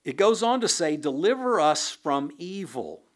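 A man preaching a sermon, reading scripture and explaining it in a deliberate, unhurried way with occasional fillers. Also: on the high side, sing-song. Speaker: pastor.

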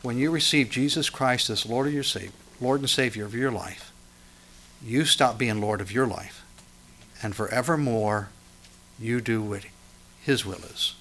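A man preaching a sermon, swinging from loud emphatic lines to quiet, intense ones. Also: mid-range voice, measured pace, a little hiss or hum. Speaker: pastor.

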